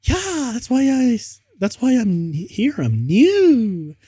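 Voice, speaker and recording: Guy putting on a squeaky goth girl voice, high and shrill, super dry sound. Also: wildly swooping pitch, slow, mellow, breathy edge, no room sound, full character voice. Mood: shrieking. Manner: squealing, breathless. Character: shrill gothic teenage girl narrator.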